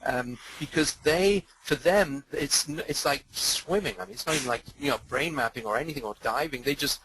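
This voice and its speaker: A man's voice: fairly high pitch, a little fast, a bit bright, a little hiss or hum, poor audio. An older man with a mid-Atlantic accent, giving a webinar talk as a guest speaker and answering questions, rambling and hesitant, full of fillers and restarts.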